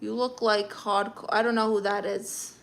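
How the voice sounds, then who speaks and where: A woman's voice: medium pitch, flat delivery, moderate pace, creaky, a bit bright, slight background noise. A woman with a Brooklyn accent hosting a comedic phone live stream, reading chat comments in a brash, sassy manner. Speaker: livestream comedian.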